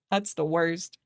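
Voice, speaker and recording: A woman streamer chatting casually with her viewers. She rants in an animated way, swears freely, laughs often and mocks the people she is quoting. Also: lowish voice, no echo, clean studio sound. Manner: exasperated, mocking quoted voices.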